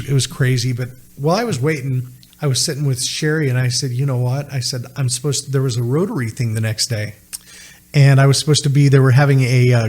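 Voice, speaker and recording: A man's voice: mid-range voice, a little mellow. A man, telling a personal story as a podcast guest, earnestly retelling conversations. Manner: earnest, retells dialogue with many "he said" asides.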